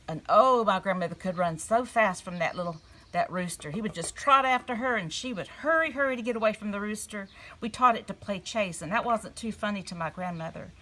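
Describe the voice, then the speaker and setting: A woman giving a gentle storytelling lesson to young children at a table. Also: medium pitch. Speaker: children's church teacher. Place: indoors at a table.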